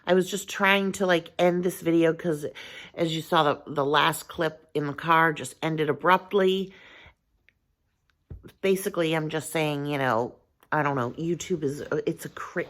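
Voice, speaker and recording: A woman's voice: low-pitched, a little slow, fairly bright tone. A woman vlogger talking casually to her viewers, earnest and rambling, thinking aloud with frequent restarts and filler phrases. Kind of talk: casual talk to camera.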